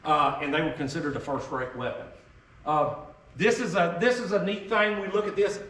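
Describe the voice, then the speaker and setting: A man's voice: a little high, steady tone, moderate pace, a bit bright. A man giving a casual, joking history talk to an audience, wandering off on tangents. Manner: folksy, joking, tangent-prone storyteller. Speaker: historical arms presenter. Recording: echoey room, mic far off, faint ambience.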